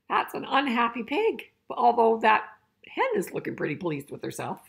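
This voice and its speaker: An older woman reads a picture book aloud to children, chuckling playfully and asking her listeners questions along the way. Her voice is a little high and husky with vocal fry, swinging hugely in pitch, and her pace is a little slow.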